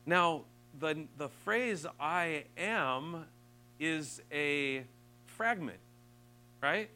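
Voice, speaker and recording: A man preaching a sermon, earnest, rising to emphatic peaks and dropping soft and slow. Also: fairly high pitch, expressive, poor audio.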